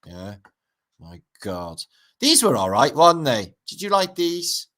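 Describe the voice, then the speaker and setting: A man's voice: medium pitch, sing-song, a little slow, a bit bright. A middle-aged man, rambling and swearing through a casual livestream chat as its host. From Britain.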